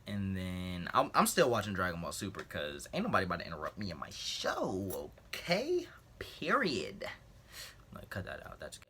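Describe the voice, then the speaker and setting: A man's voice: sits low, wildly swooping pitch, moderate pace, pushed and bright, slight background noise. A young man in a casual storytime vlog, animatedly telling a story and acting out what others said. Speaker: vlogger.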